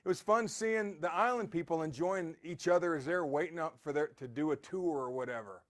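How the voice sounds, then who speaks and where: A man's voice: fairly high pitch, a little fast. A man giving a rambling, storytelling motivational talk as a podcast host.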